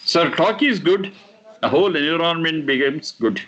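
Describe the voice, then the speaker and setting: A man teaching a class on scripture, explaining verses slowly and repeating the recited lines. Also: a little high, lively intonation, fairly bright tone, dull audio. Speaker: teacher of Vedic texts.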